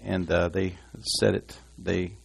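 A man's voice: deep voice, flat delivery, takes it slowly, gravelly, slightly rough. A man preaching a sermon in a church, rambling and folksy with asides and restarts, reading scripture aloud to his congregation. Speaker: pastor.

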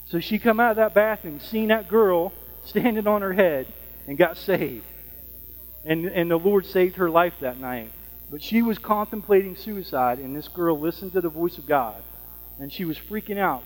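A man preaching a sermon in a conversational way, often pausing to ask "Amen?". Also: on the high side, animated, big-room sound, rough recording. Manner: conversational, frequent fillers and "Amen?" checks.

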